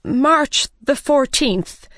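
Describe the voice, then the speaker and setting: A woman's voice: high voice, lively intonation, very slow, a bit bright, no echo, studio quality, voice pushed up, exaggerated voice. A woman doing a nervous storybook hatter. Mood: anxious. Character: nervous male hat-seller, fearful.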